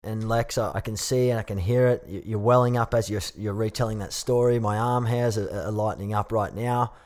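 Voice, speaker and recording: Man, podcast host, supportive and earnest, slightly low voice. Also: fairly even intonation, a little fast, a little mellow. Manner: supportive, earnest, some stumbles. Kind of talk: interview conversation.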